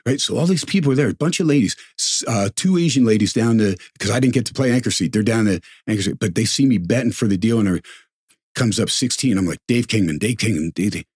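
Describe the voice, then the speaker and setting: A middle-aged sportscaster telling stories in casual chat, acting out the voices of people in them. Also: male voice, on the low side, fast talker, breathy edge, dry recording, clean studio sound. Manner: animated storyteller, acts out quoted voices. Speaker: sportscaster guest. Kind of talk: casual storytelling.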